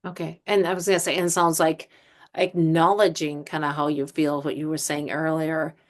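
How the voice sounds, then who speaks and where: Low-pitched woman, podcast host, affirming, casual. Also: little pitch movement, normal speed. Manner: affirming listener, frequent mm-hmms.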